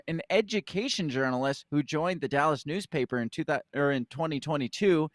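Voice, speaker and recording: A man co-hosting a casual news podcast, chatting and acting out quotes in sudden high voices. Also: fairly bright tone, no echo, clean studio sound. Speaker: podcast co-host.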